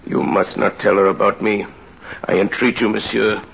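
A grave, gravelly aging ex-convict. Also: male voice, lowish voice, level tone, fairly bright tone, slight background noise. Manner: somber, halting, solemn. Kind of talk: old-time radio drama. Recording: lo-fi old radio recording.

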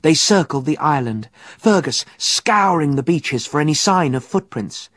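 A man narrating an adventure audiobook in an expressive, vivid storytelling manner. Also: a little high, unhurried, dry recording, studio quality.

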